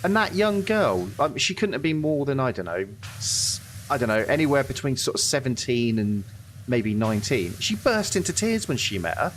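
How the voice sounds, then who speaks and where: A man's voice: medium pitch, very animated, slight background noise. Chatty man gaming with a friend. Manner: chatty, self-deprecating, quick to apologize. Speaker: co-host. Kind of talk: casual chat while gaming.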